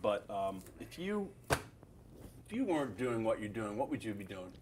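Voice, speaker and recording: A chatty man hosting a relaxed food talk show, with a lowish voice. He jokes around with his guests and keeps throwing in quick agreement. A faint hiss sits under him. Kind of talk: casual interview chat.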